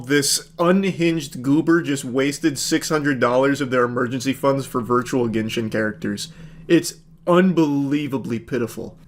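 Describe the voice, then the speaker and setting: A man giving sarcastic, mocking commentary as he reacts to what he reads. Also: mid-range voice.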